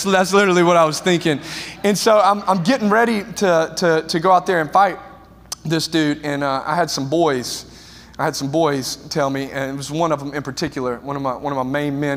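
A high-pitched pastor tells a funny story from the pulpit, energetic and self-mocking. His voice rings through a large hall with a long, trailing reverb. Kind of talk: humorous storytelling sermon.

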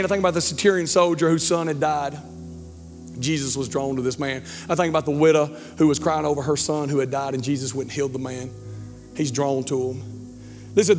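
A man, preaching a sermon as pastor, animated and joking, stumbling over words. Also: fairly high pitch. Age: 40s. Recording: church hall reverb with faint music.

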